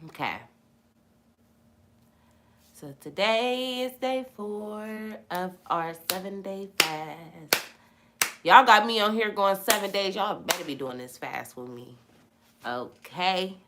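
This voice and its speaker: A woman's voice: mid-range voice, animated, slow pace, long pauses, heavy background noise. A young woman hosting a casual live-stream Bible talk, repeating phrases for emphasis as she preaches and reacts to viewer comments. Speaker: host of a live Bible chat.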